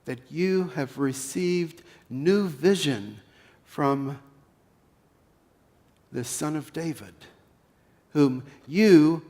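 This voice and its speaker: In a slow, guiding sermon, a Pennsylvania-accented pastor tells a story that climbs to a loud peak and then fades to near silence. His voice is a little high.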